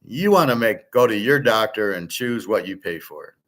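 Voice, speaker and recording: A blunt man hosting a casual commentary show. His voice sits somewhat low, and he rants freely, cursing as he makes his points. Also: lively intonation, normal speed, fairly bright tone. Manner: blunt, ranting, swears freely. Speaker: host.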